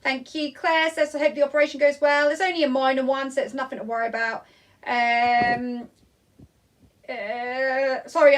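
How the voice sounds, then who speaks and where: A woman's voice: sits high, fairly bright tone, recorded from a distance, low-quality recording. A woman hosting a live Q&A from home, chatting in a rambling, apologetic way with lots of "um" and "like", reading viewer comments aloud into a tablet. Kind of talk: casual live-stream chat. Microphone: tablet recording.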